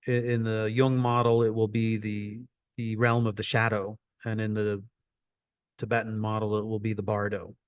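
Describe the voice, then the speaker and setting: A man's voice: fairly low pitch, completely flat delivery, moderate pace, dry recording, lo-fi sound. A man coaching an online teaching session, repeating phrases for emphasis as he explains.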